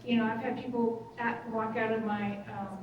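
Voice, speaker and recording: A woman giving a conversational workshop talk, relating stories to the room in a slightly raised pitch. She sounds distant from the microphone, and the conference hall rings with heavy echo. A clear hum of room ambience sits under her voice. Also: flat delivery, moderate pace, lo-fi sound. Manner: conversational, acts out quoted voices. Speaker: workshop speaker. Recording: echoey hall, far from mic, room noise.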